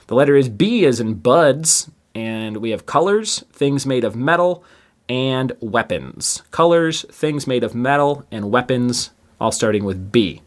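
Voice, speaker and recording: A man's voice: medium pitch, animated, measured pace. A man hosting a trivia podcast, reading each question twice and adding chatty asides between answers. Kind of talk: casual quiz reading.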